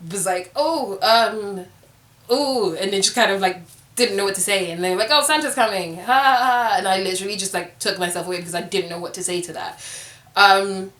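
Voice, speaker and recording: A woman's voice: mid-range voice, fairly bright tone, roomy sound. A young woman vlogging, telling a personal story to camera in a candid, conversational way, with plenty of filler words.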